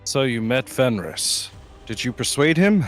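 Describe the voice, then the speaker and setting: A man voicing a stern, demanding commander in a live game dub, speaking in a slow, scolding way. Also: mid-range voice, very animated, faint music behind. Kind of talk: amateur game voice-over read live on stream.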